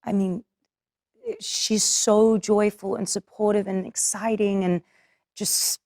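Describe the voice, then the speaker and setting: A woman's voice: mid-range voice, level tone, slow, a little mellow, no echo, clean studio sound. A woman in her thirties with an Australian accent, chatting casually with another actor and often using fillers and restarts. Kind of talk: casual conversation between actors.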